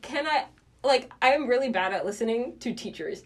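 A woman's voice: a little high, lively intonation, moderate pace. A young woman appearing as a podcast guest in casual chat, rambling, hesitant and self-deprecating. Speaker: guest actor.

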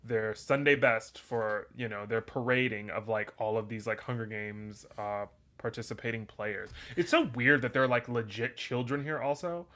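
Bright chatty guy on a movie podcast, loose and rambling. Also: medium pitch, fairly even intonation, normal speed, hardly any pauses. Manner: chatty, acts out characters in quotes. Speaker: podcast co-host. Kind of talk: casual movie chat.

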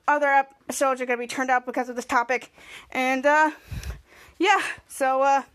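A woman hosting a podcast, recapping a TV episode in a casual, excited way with many fillers and restarts. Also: high-pitched. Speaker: podcast host.

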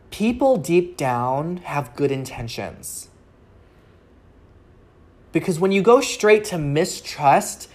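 A woman with a low, grounded voice talks through relationship advice on her own show. She coaches earnestly, often pausing to ask the listener rhetorical questions. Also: darkish tone. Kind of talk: solo advice talk.

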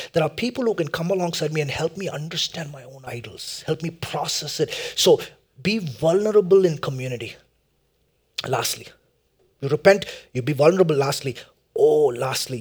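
Guy preaching, husky voice, kinda high, gets loud then goes quiet and soft. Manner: impassioned, repeats phrases, swings from loud urging to hushed prayer. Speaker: pastor. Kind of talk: sermon.

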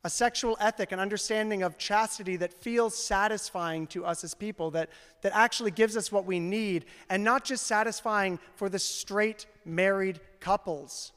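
High-voiced pastor preaching in a reverberant hall. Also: male voice, clean tone. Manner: conversational, peppered with "like", building to loud fervor. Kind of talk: sermon. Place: church sanctuary. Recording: long reverb of a church hall.

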